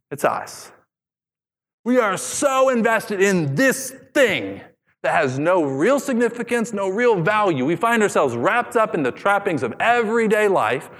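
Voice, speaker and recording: Brief: thirties male pastor, lively sermon delivery, slightly high voice, long hall reverb. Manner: animated, acts out scripture voices.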